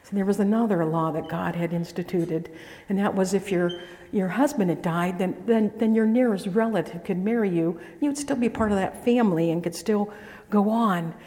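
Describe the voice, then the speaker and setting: A middle-aged woman preaches in a reverberant hall. Her storytelling is folksy and conversational, full of restarts. Her voice sits at a middling pitch. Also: moderate pace, few pauses, warm tone. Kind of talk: sermon.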